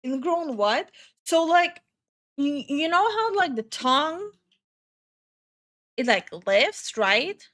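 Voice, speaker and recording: A woman's voice: high voice, expressive, slow pace, pauses often. Stuttering, swearing streamer woman. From New Jersey, USA. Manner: stutters, swears often, reacts out loud. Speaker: streamer reading chat. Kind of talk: casual live-stream chat.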